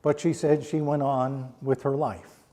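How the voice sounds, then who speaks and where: A middle-aged man preaching a storytelling sermon in a church sanctuary, dropping to a hushed voice at solemn moments. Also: mid-range voice, flat delivery, measured pace. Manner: hushes to a near-quiet voice at solemn points. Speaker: pastor.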